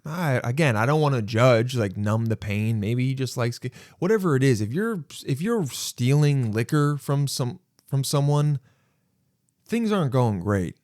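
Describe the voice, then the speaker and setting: Animated male podcaster telling a story. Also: medium pitch, unhurried, no room sound, studio quality. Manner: animated, swearing, self-mocking. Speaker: podcast host. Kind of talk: casual storytelling monologue.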